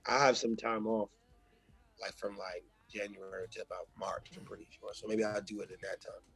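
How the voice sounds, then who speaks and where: A man talking as a guest in a casual interview, loose, slangy and animated, with a husky voice. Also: fairly low pitch, normal speed, dry recording.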